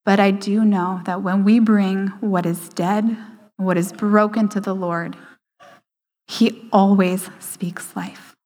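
A woman giving a sermon, slowing down for emphasis and dropping to a hushed voice for quoted lines. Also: medium pitch, steady tone. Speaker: speaker at a church service. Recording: hall reverb.

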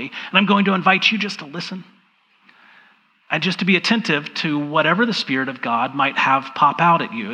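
Pastor preaching in a reverberant church hall. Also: male voice, mid-range voice, bright, forceful tone. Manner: measured, slows down for emphasis. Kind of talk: sermon with scripture reading.

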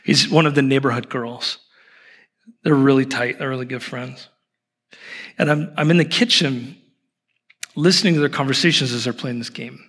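A man in his thirties preaching a sermon at an evening church service, telling a story with humor and warmth. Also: medium pitch, normal speed, long pauses, slightly rough. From Portland, Oregon. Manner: animated storytelling with self-deprecating humor. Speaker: pastor.

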